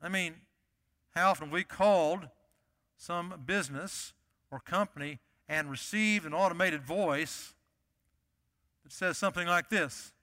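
Male pastor, sermon delivery, emphatic repetition, high bright tone, reverberant church hall. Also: a little slow, long pauses. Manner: emphatic, repeats key phrases.

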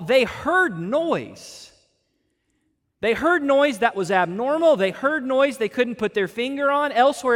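A man with a high voice preaches an expository sermon, leaning hard on key words and drawing them out for emphasis. His voice rings with the long reverb of a large hall. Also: a bit bright. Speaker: pastor.

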